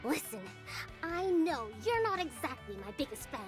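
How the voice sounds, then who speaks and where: A woman's voice: high-pitched, very animated, moderate pace. A woman voicing an indignant, dismissive young official in a game. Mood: scornful. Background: game music.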